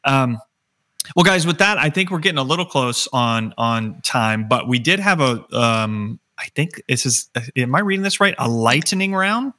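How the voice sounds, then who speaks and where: A male podcast host in easy, casual chat. His voice is bright with a forward edge, and he talks in a joking, rambling way, full of fillers and restarts. He sits at a middling pitch. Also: lively intonation, normal speed.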